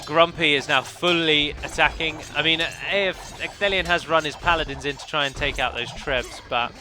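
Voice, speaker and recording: A man's voice: on the high side, normal speed, bright, forceful tone, soft background music. Chatty man narrating a strategy game. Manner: chatty, self-correcting, analytical. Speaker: let's play commentator. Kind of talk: game commentary.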